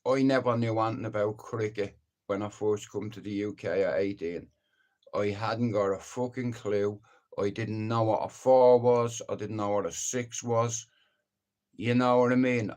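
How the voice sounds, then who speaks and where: A middle-aged man hosting a live stream, ranting casually in a blunt, sweary, rambling way. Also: fairly low pitch. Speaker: livestream host.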